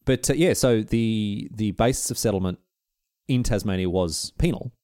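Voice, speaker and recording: A man co-hosting a casual podcast chat, telling stories with animated jokes. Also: lowish voice, normal speed, no echo, clean studio sound. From Australia. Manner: animated storyteller, breaks into joking voices. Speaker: podcast co-host.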